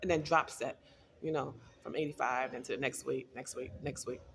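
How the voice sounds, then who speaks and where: A woman's voice: extremely low pitch, steady tone, moderate pace, vocal fry, a little hiss or hum. A middle-aged woman talking casually to camera in a wellness vlog, chatty and storytelling, laughing often. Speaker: wellness vlogger.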